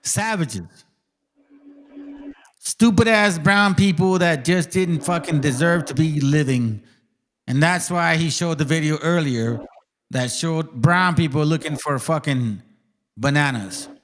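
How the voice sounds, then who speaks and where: A man's voice: fairly high pitch, slow pace, a bit bright. A man hosting a casual reaction commentary, ranting heatedly and swearing constantly. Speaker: stream host.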